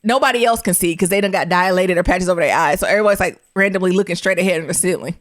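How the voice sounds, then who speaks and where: A woman co-hosting a podcast, telling a funny story in casual, animated chat. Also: on the low side, racing, no echo, studio quality. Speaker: podcast co-host.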